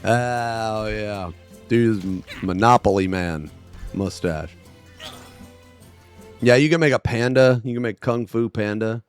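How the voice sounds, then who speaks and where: A man's voice: lowish voice, slow, long pauses, faint music behind. Profane storytelling male streamer. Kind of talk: casual livestream storytelling.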